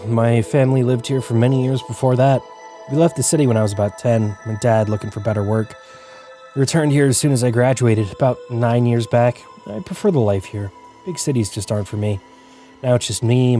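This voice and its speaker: A man voicing a soft-spoken café owner. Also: mid-range voice, a little fast, soft background music, lightly acted. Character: calm male coffee shop owner, quiet and content.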